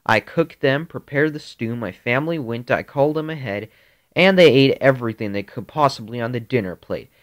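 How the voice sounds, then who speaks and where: A man improvising a grisly Halloween story in a rambling, halting way. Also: medium pitch. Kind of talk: improvised spoken horror story.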